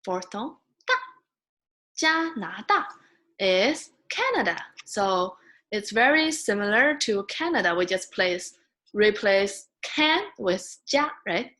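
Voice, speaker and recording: Woman, very slow patient teacher, drawn-out drilled syllables, beginner lesson. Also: sing-song. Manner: patient, drawn-out, models sounds loudly and high. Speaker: Mandarin teacher.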